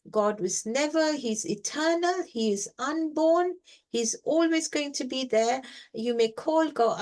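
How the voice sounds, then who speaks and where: A woman's voice: on the high side, a little mellow. Emphatic woman teaching a scripture class. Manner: emphatic, repeats words for stress, frequent "you know". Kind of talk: reflective scripture reading and explanation.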